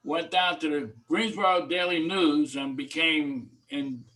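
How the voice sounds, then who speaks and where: A man's voice: on the high side, fairly even intonation, unhurried, sharp tone. A man telling an easygoing story on a video call. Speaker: meeting participant. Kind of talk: casual Zoom talk. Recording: distant video call mic.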